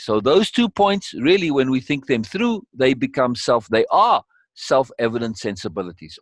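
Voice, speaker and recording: A man's voice: medium pitch, no echo. Man, teaching a course, emphatic, repeats key words, very dry sound. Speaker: teacher leading a course session. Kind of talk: conversational teaching.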